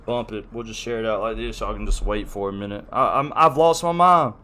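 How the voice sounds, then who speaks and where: A man's voice: on the low side, brisk, pushed and bright. A man chatting casually on a live stream, rambling, flustered and apologetic.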